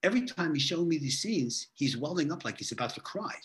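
A man's voice: fairly high pitch, sing-song, fairly quick, a bit bright, slight background noise, voice pushed up. A man voicing a depressed woman patient in her thirties as he retells her case, earnest and puzzled.

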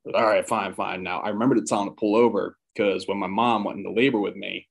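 A man's voice: on the low side, fairly even intonation, fast, gravelly, husky. A man guesting on a podcast, casually telling a personal story and acting out his parents' lines. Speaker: podcast guest, former college football player.

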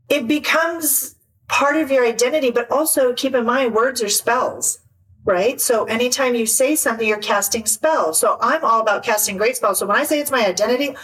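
A woman life coach chatting in an interview, animated and acting out little quoted voices. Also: a little high, far from the mic, low-quality recording. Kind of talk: casual interview chat.

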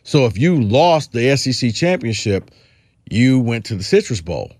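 A man's voice: mid-range voice, very animated, moderate pace, darkish tone, dry recording, studio quality. A man hosting a sports podcast, chatting casually and rambling through his points with frequent restarts. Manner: rambling, restarts, quotes others in a put-on drawl. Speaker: podcast host.

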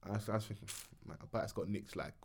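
A man's voice: lowish voice, fast talker, a little mellow, husky. A young man, telling stories in laid-back slang during a casual chat.

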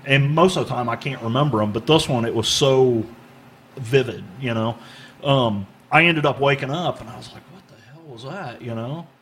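A man's voice: medium pitch, normal speed, fairly bright tone, a little hiss or hum. Rambling man telling a strange story. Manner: rambling, repeats words, laughs at bizarre moments. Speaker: podcast guest. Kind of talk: casual storytelling.

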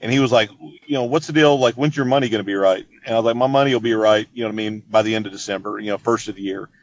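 A man's voice: lowish voice, rapid-fire, dull audio. A man telling a long story in casual chat, rambling and laid-back, full of "dude" and "you know what I mean.". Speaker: podcast guest.

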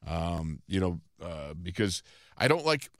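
A man's voice: deep voice, big pitch swings, measured pace, no echo, clean studio sound. A man co-hosting a sports radio show, chatting casually, joking and laughing a lot between rambling thoughts. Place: radio studio.

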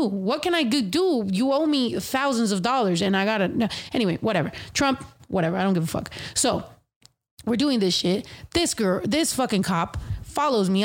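A woman hosting a podcast in casual chat, telling stories in an animated, profane way full of slang. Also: fairly high pitch. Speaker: podcast host.

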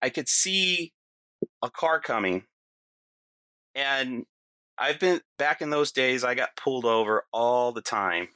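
A man telling a long personal story in casual chat, animated, acting out quotes and often adding "you know" and "right". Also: mid-range voice, slow, long pauses, smooth, dry recording.

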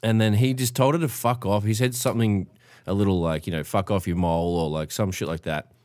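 A man's voice: on the low side, brisk, darkish tone, no room sound. A young Australian man telling crude party stories in a casual chat, full of slang. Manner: crude, laid-back slang, acts out quoted voices. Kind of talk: casual storytelling.

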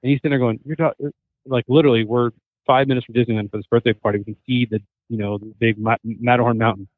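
A man chatting as a podcast guest, a lively storyteller who slips into the voices of people he quotes. His voice comes through a thin, narrow line that sounds like a phone call. The sound is dry and close, with no room around it. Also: medium pitch, fast talker, dry recording. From Southern California. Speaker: podcast guest, hunter and chef. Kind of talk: casual conversation.

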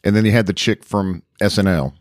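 A man co-hosting a radio show, teasing and joking in a wry, deadpan way during casual chat. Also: on the low side, fairly quick, no echo, studio quality. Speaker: radio co-host.

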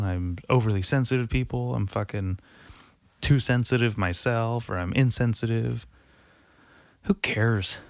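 Casting note: man, low voice, solo podcast host, rambling and profane, frequent sighs and self-corrections, dry close sound. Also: gravelly, no room sound. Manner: rambling, profane, self-deprecating, trailing off and restarting; sighs often, drops to a mutter. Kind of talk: casual solo monologue.

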